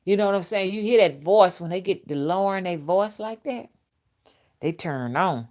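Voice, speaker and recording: A spiritual reader talks in a blunt, graphic, unfiltered casual monologue and often laughs. Her voice sits somewhat low for a woman. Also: lively intonation, normal speed, darkish tone.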